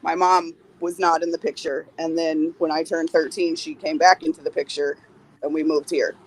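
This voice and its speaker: A woman's voice: low voice, flat delivery, normal speed, slight background noise, rough recording. A woman in her forties, a podcast guest speaking candidly in a blunt, plain-spoken way and swearing freely. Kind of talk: candid interview talk.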